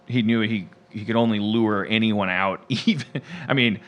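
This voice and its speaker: A man's voice: on the low side, steady tone, moderate pace, dull audio. A man hosting a comedy podcast, chatting loosely, rambling with frequent restarts and laughter. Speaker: podcast host. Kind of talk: casual comedic chat.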